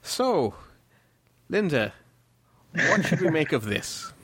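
An Irish man hosts a casual tech podcast. He reads off the figures in a steady, methodical run and keeps the discussion moving. His voice sits dry and close to the mic. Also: on the high side, slow pace, breathy edge, no echo. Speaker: podcast host.

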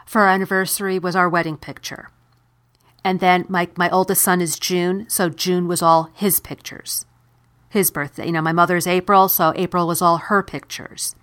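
A woman's voice: on the low side, flat delivery, normal speed, fairly bright tone. A married woman with children chatting casually, explaining things step by step. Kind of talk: casual chat.

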